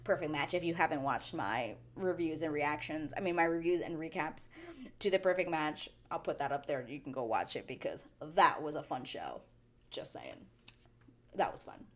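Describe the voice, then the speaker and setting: Woman gushing through a reality tv recap, kinda low voice but all over the place, super animated. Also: moderate pace, a little hiss or hum. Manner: animated, chatty, drops into quoted voices. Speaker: TV recap vlogger. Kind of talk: casual reality show recap.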